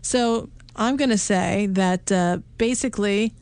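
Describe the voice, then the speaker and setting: A woman co-hosting a movie review show in relaxed chat. She rambles, laughs easily, and keeps a loose, talkative flow. Her voice sits at a middle pitch. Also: a little slow, clean tone. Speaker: podcast co-host.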